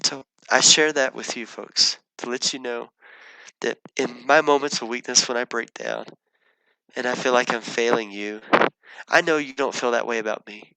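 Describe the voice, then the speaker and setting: A man's voice: medium pitch, fairly even intonation, moderate pace, gravelly, pushed and bright, no room sound, rough recording. A man, a pastor, earnestly telling a personal story in his sermon, often restarting his sentences.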